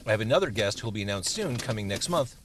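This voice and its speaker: A man hosts a podcast from a parked car, talking in a chatty, playful way. His pitch rises and falls a lot, and a faint hum of noise runs underneath. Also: fast talker. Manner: chatty, playful, animated delivery. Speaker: podcast host. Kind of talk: casual chat in a car over food.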